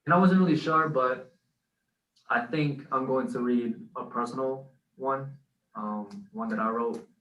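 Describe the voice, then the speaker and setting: A man's voice: mid-range voice, a little slow, fairly bright tone, recorded from a distance, lo-fi sound. A man co-hosting a podcast who recites his own spoken word poem in an earnest, rhythmic way. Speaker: co-host and spoken word poet. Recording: echoey room, off-mic.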